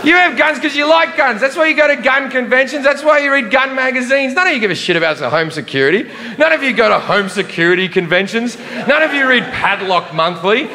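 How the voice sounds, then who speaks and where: High-voiced man ranting on stage. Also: lively intonation, a little fast, hardly any pauses. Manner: profane, ranting, swings from shouting to muttered asides. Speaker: stand-up comedian. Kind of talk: stand-up comedy routine. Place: large theater with a live audience. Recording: live concert recording in a reverberant hall, audience laughter. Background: crowd laughter and room noise.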